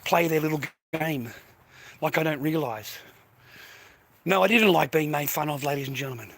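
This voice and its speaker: A man's voice: on the high side, normal speed, creaky, fairly bright tone, no echo. A middle-aged man giving coarse, swearing, emphatic advice to other men in a blunt monologue.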